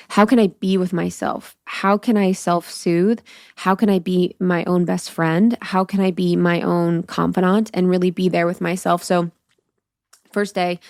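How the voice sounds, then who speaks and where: A woman's voice: lowish voice, a little mellow, no room sound, clean studio sound. A woman in her thirties hosting a solo podcast, telling a personal story candidly and expressively, swearing freely and acting out her own thoughts. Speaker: podcast host.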